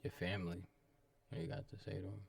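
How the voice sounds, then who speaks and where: Gravelly, off-mic male interviewer. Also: low-pitched, lively intonation, fast talker. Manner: laid-back, slangy prompts. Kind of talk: casual interview prompting.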